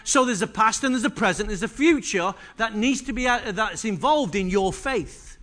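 High-pitched male pastor mid-sermon, emphatic, asks the congregation questions. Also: lively intonation, normal speed, a bit bright. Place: church service.

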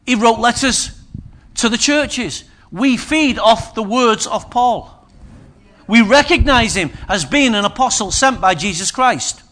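A man's voice: very high-pitched, expressive, unhurried, a bit bright. A man preaching a sermon, conversational and humorous with emphatic turns.

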